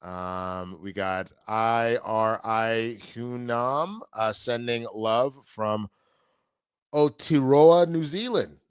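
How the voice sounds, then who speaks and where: A man's voice: medium pitch, extremely slow, clear, resonant tone, no echo. A man hosting a casual show, reading viewer comments aloud in a laid-back way. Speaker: show host reading live chat. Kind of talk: casual chat.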